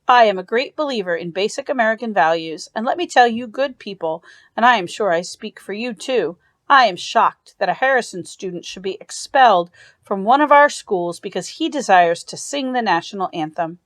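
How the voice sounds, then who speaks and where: A woman's voice: mid-range voice, expressive, moderate pace, no room sound, natural voice. A woman reading the speech of a pompous middle-aged businessman, orating emphatically.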